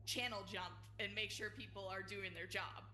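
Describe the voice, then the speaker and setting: A woman's voice: medium pitch, fairly even intonation, moderate pace, sharp tone, a little hiss or hum. A woman player at a tabletop role-playing game, talking in a giggly, upbeat way. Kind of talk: tabletop role-play chat. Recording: roomy echo.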